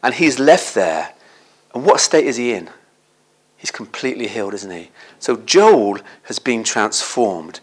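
With a lowish, husky voice and an unhurried pace, a man delivers a Bible story as a lively sermon. He often addresses his audience with tag questions.

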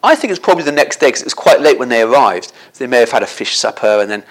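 A man telling a Bible story as a sermon in an animated way, often turning to his listeners with tag questions. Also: medium pitch, racing.

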